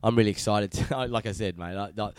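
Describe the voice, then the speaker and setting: A man's voice: lowish voice, fairly quick, clear, resonant tone, dry recording. A man hosting a podcast interview, chatting in a matey, rambling way with lots of swearing and fillers. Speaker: podcast host. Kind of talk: casual chat.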